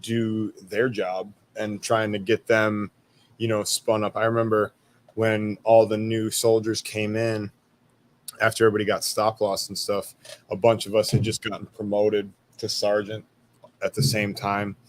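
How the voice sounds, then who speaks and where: A man's voice: on the low side, completely flat delivery, measured pace. A man in his thirties, an army veteran guest, telling stories in a laid-back way, swearing freely and laughing at his own jokes. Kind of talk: casual storytelling interview.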